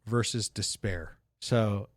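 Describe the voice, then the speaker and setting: Recorded in clean studio sound with no echo, a man with a fairly low pitch co-hosts a laid-back podcast. He's the one moving the discussion forward, though his speech is halting and riddled with fillers and restarts.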